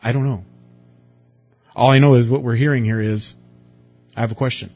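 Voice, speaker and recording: Guy preaching, chatty sermon w rhetorical questions, kinda husky, dull lo-fi sound. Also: medium pitch, normal speed, soft background music. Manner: conversational preaching, rhetorical questions, lively emphasis. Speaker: pastor.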